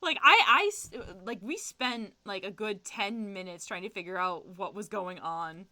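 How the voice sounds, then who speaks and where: Lively, bright-voiced woman streamer. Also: mid-range voice, moderate pace. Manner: animated storytelling with frequent laughs and fillers. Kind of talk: casual chat while gaming.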